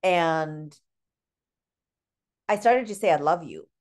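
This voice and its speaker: A woman's voice: low-pitched, lively intonation, slow pace, darkish tone. A woman in her forties sharing a heartfelt personal story in a casual book club discussion. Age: 40s.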